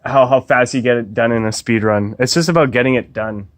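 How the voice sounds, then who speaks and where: A man with a middle-pitched voice co-hosts a comedy gaming video. He introduces guests and asks questions, stammering over his words with a mock-earnest tone. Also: fairly quick. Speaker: co-host.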